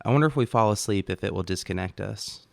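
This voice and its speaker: Male reader doing a playful, teasing young girlfriend, low and smooth, storybook dialogue. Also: fast talker, no room sound. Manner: teasing, playful then blunt. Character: young woman, teasing, blunt long-distance girlfriend.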